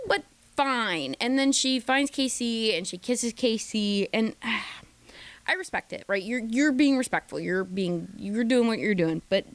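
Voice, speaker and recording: A woman recapping a reality dating show in a chatty, gossipy way, slipping into quick mimicked voices of the cast. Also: on the high side, gravelly, no room sound. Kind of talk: casual recap commentary.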